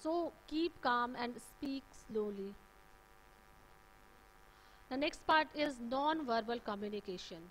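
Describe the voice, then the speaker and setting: A woman's voice: a little high, animated, slow, long pauses, fairly bright tone, a little hiss or hum, rough recording. A woman with an Indian English accent giving a classroom lecture, explaining points with many "uh"s and "okay" checks. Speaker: teacher. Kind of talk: classroom lecture on communication skills.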